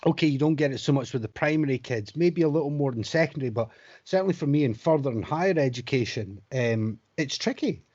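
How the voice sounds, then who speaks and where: A man's voice: medium pitch, animated, fast, a little mellow, dull audio. A man co-hosting a casual podcast chat, frank and sweary, who builds his points with rhetorical questions. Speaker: podcast co-host, college lecturer.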